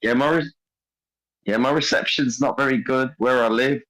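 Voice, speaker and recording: A man co-hosting a podcast, slow and drawling, a bit tipsy. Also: mid-range voice, fairly even intonation, fairly bright tone, poor audio. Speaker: podcast co-host. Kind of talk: casual livestream chat.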